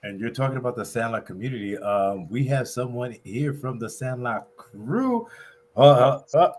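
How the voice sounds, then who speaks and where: A man hosts a fan panel in a playful, slangy way. His pitch swings around a lot as he jokes with the guests. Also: expressive, moderate pace. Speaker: panel moderator. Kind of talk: casual panel hosting.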